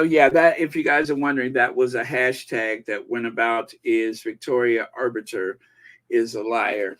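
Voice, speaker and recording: A man hosting a live-stream commentary, reading viewer comments aloud in an animated, gossipy way. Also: medium pitch. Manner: animated and gossipy, breaking into laughter. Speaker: channel host.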